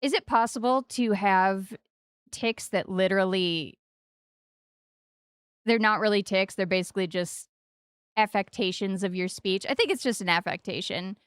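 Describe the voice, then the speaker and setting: A woman in her forties chats casually on a game stream, close on the mic in a dry, deadened room. Her voice is smooth and clear, and she playfully leaps into high, sing-song stresses on the wrong syllables. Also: normal speed, long pauses, no echo. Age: 40s.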